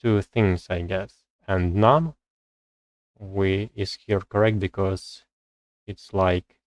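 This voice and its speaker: Here a low-voiced man streams live while tackling English grammar exercises, speaking in a fairly even intonation. He reads the rules out loud and thinks aloud, stopping hesitantly to find words; the low-quality recording has no echo.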